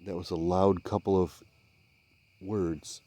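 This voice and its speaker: A man investigating the woods by a swamp at night, speaking in a hushed, halting, searching way and sometimes calling out loudly. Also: deep voice, little pitch movement, dry recording. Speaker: field investigator. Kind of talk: night field investigation commentary.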